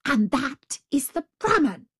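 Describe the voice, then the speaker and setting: Woman putting on a fierce impatient storybook tiger, loud and bossy, slow pace, dry close sound. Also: high-pitched, sing-song, dry recording, voice pushed up, exaggerated voice. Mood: lecturing. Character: savage impatient male tiger.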